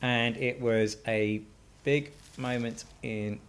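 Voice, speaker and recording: A man's voice: medium pitch, fairly even intonation, takes it slowly, clear, resonant tone. A man co-hosting a podcast in casual chat, teasing his co-host and steering the conversation.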